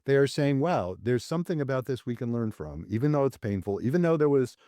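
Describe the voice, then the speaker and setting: A man, a psychologist, speaking as a guest in a thoughtful, measured way, with an occasional soft laugh. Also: mid-range voice, expressive, no room sound, studio quality. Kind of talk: conversational interview.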